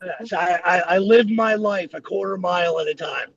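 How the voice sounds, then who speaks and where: A man on a casual panel, wisecracking and quick to chime in. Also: sits high, creaky, a bit bright, dry recording. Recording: dull lo-fi dry sound.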